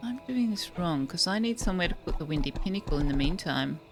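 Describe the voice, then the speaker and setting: A woman's voice: fairly low pitch, animated, fast. An Australian woman streaming a game, chatting casually with viewers and musing aloud with easy laughs. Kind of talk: casual gameplay chat with viewers. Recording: faint background music.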